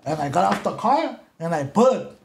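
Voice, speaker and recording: Animated, profane man. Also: high voice, moderate pace, vocal fry, a little hiss or hum. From Los Angeles area. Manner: animated, profane, switching between English and Spanish. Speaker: podcast guest. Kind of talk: casual storytelling in an interview.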